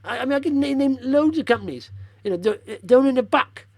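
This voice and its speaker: A man's voice: very high voice, lively intonation, fast, gravelly, darkish tone, no echo. Tired, chatty male stock vlogger. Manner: chatty, rambling, blunt opinions. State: tired after a long drive. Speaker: stock-picking video host. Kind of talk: casual market commentary over charts.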